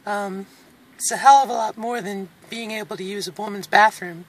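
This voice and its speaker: A woman in her forties speaking candidly in a personal video diary. She is emotional and halting, close to tears, with nervous laughs. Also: mid-range voice. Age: 40s. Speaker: vlogger.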